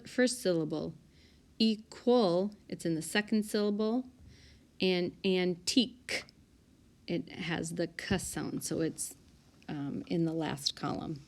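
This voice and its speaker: A woman's voice: fairly low pitch, a little mellow. A woman teacher talking through spelling word sorts over a whiteboard app, calling out each word and its group and now and then correcting herself. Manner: sorting words aloud, stopping to correct herself. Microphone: tablet mic, voice-over.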